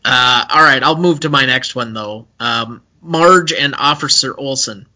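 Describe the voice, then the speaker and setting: A man's voice: mid-range voice, measured pace, pushed and bright. A man co-hosting a casual film podcast, talking in an analytical way with many hesitations and fillers. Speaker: podcast co-host.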